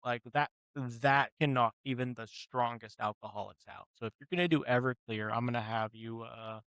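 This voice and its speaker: A man's voice: mid-range voice, normal speed, fairly bright tone, dry recording. A man running a tabletop game as game master, talking in a rambling, hesitant way with lots of fillers.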